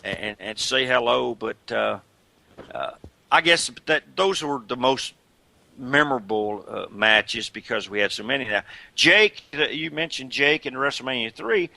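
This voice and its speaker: An older man in a casual interview, chatting in an animated way about his career and breaking into imitations and laughs as he tells stories. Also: mid-range voice, a little slow, gravelly, no room sound. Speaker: guest, retired wrestler.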